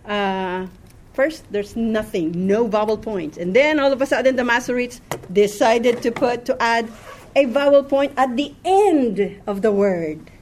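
Slow, patient woman teaching a class. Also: fairly high pitch, darkish tone, a little hiss or hum. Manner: patient, repeats words, frequent "okay?" checks. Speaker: Hebrew teacher.

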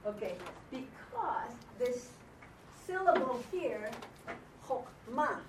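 Slow, patient woman teaching a class. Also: on the high side, expressive, background noise. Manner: patient, repeats words and checks with "okay?". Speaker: Hebrew teacher. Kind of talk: classroom lesson.

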